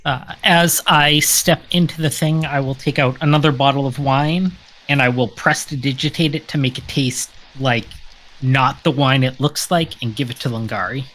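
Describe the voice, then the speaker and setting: A woman playing a tabletop game, matter-of-fact and a bit halting. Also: extremely low pitch, steady tone, a bit bright. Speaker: player.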